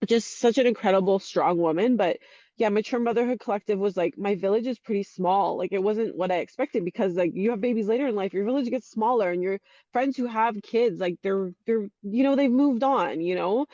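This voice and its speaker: A woman's voice: mid-range voice, brisk, dark tone, dry recording. Interview guest: Canadian woman, forties, rambling and filler-heavy, on a dull, dry, lo-fi recording. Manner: rambling, heavy use of "like", frequent restarts. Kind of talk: casual interview chat.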